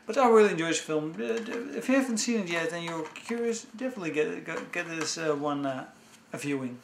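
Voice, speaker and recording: A man chatting casually about films he owns, talking with enthusiasm in a halting way full of restarts. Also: on the high side, lively intonation, vocal fry, slight background noise. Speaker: movie vlogger. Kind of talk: casual home-video review. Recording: echoey room.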